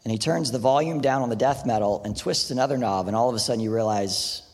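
A man's voice: medium pitch, fast talker, a little mellow. A man preaching a sermon in a casual, conversational way, often saying "like" and "right?". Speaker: pastor. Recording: long hall reverb.

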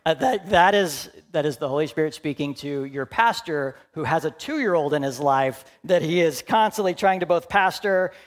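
A young adult male pastor preaching a sermon, animated and humorous, then dropping to hushed, earnest asides. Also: on the high side, moderate pace, few pauses.

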